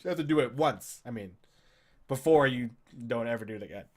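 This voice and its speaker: A man's voice: medium pitch, a little fast. A young man from Canada telling a rambling drinking story in casual chat, swearing and acting out what he said. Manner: animated, swearing, telling a drunk story with voiced quotes. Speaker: podcast co-host.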